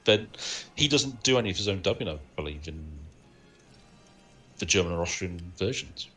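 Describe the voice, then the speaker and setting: A man's voice: sits low, lively intonation, normal speed, pushed and bright, faint music behind. A man co-hosting a film podcast, sharing film trivia in a casual, anecdotal way. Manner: knowledgeable, anecdotal, laughs often. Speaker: podcast co-host.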